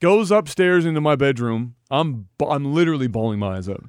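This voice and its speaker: A man co-hosting a podcast, telling a profane, animated story full of laughter in casual talk. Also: medium pitch, fairly quick, clear, resonant tone, dry recording, studio quality. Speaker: podcast co-host.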